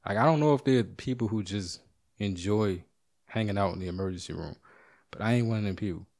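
Man, middle-aged, lowish voice, casual monologue, animated, swears, mimics others. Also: a little fast. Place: at home.

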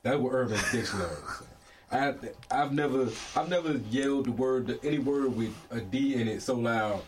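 A man's voice: mid-range voice, moderate pace, slight background noise. A married man in casual banter, wry and profane, sometimes reading news items aloud.

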